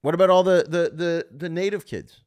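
A man's voice: high voice, steady tone, a little mellow, clean tone. A comedian from Canada hosting his own podcast, delivering a blunt, profane solo rant. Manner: blunt, profane, fast ranting. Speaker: comedian host.

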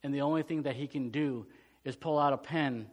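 A middle-aged male pastor preaching a sermon, swinging from loud, urgent peaks to hushed storytelling. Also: mid-range voice, fairly quick.

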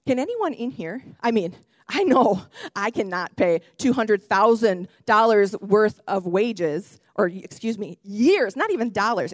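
A young woman who works with children delivers a sermon in a high voice that swoops up and down. She talks in a chatty, self-correcting way and breaks into excited shouts. The sound is close and dry. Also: dry recording. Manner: animated, bursts into excited shouts. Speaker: kids ministry worker giving a sermon.

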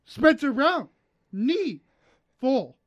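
A male podcast host in casual chat, playfully reading lists in a slow, drawn-out announcer cadence from his own room on a call. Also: extremely high pitch, very animated, no room sound.

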